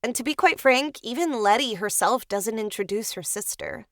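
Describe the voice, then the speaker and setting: Chatty playful woman on a podcast, voice a bit high, dry close mic. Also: lively intonation, moderate pace, no room sound. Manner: chatty and playful, cheering the heroine on. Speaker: podcast co-host. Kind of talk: reading a film recap, with asides.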